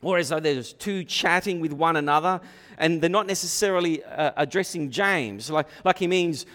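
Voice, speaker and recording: A man preaching a sermon, animated, repeating himself and acting out quoted voices. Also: fairly high pitch, normal speed. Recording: long hall reverb.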